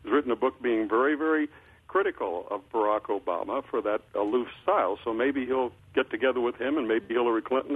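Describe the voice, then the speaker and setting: An older male political columnist on a phone line, talking in a measured way with many filler uhs and restarts. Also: mid-range voice. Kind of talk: phone-in interview commentary. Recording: phone line, husky tinny sound.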